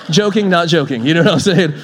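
Playful high-voiced male pastor preaching. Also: noisy background. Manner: playful, laughs often, animated storytelling. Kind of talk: sermon.

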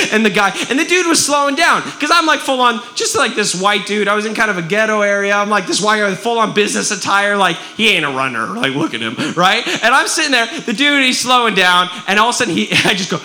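A man preaching a sermon, telling a story in an animated way and often checking in with his listeners. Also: sits high. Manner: animated, keeps asking "right?".

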